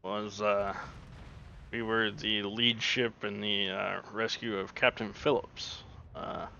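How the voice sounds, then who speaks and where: Man, casual stream chat, rambling, raspy fry, sharp tone. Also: fairly low pitch, little pitch movement, slow pace, slight background noise. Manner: rambling, lots of uh fillers. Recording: dull lo-fi mic.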